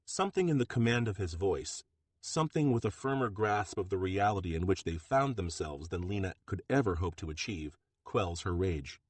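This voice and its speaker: A man reading an audiobook in steady, measured narration on a close mic. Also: deep voice, breathy edge, no room sound. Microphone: close studio mic.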